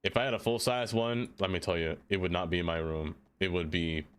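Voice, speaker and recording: A young man streaming live, chatting casually with viewers in an animated, joking way and laughing often. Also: low-pitched, fairly quick, clean tone.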